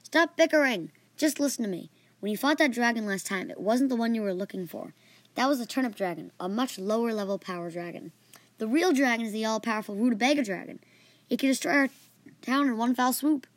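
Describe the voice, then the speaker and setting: A woman's voice: fairly high pitch, brisk, no room sound, close to an everyday voice. A woman voicing a fussy, bossy male king who talks in a commanding, impatient way in a storybook podcast.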